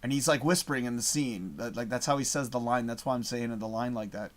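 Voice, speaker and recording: A man's voice: mid-range voice, quick pace. A man hosting a live show, reading out chat messages in a casual, rambling way, swearing often and losing his train of thought.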